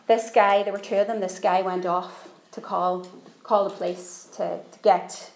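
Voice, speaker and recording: A woman's voice: mid-range voice, fairly even intonation, measured pace, hardly any pauses, echoey room, rough recording. A woman preaching a sermon, telling a story earnestly and repeating phrases for emphasis.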